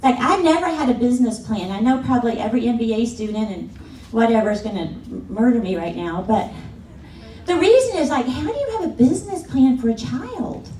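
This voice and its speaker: A middle-aged woman gives a keynote talk from the stage, with a high voice that swoops and leaps as she tells her story. She acts out the people she quotes and laughs along. The sound is roomy and distant, with a faint hum of the hall behind her. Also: animated, a little fast, mellow. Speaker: keynote speaker. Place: large conference hall. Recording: echoey hall from afar, faint room noise.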